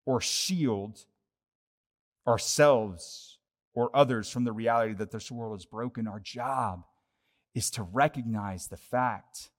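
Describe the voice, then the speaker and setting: A young adult man preaches to his congregation in a relaxed, conversational voice of middle pitch. He moves between quick, lively asides and quieter, earnest stretches. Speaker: pastor. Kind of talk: sermon.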